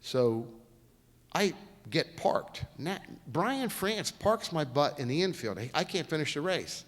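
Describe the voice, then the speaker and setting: A folksy male guest speaker tells stories in a lively, swooping voice. He acts out each quote, and his voice rings through a long echoey lecture hall. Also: on the high side, a little slow. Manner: folksy, animated storyteller acting out quotes. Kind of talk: storytelling lecture.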